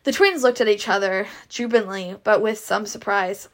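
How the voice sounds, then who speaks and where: A woman reading a novel aloud at a steady pace, now and then stumbling over a word. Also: mid-range voice, moderate pace. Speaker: reader.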